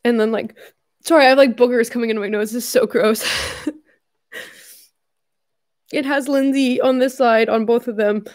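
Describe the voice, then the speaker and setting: A young woman in her twenties, hosting a casual livestream while tearful and crying, speaking haltingly with soft laughs. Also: fairly high pitch, fairly even intonation.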